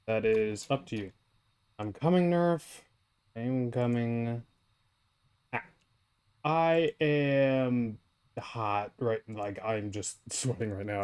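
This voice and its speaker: A man's voice: medium pitch, a little mellow. A man livestreaming a game, chatting casually and rambling to his viewers while he plays. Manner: rambling, talks to chat while playing. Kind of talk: casual live gameplay chat.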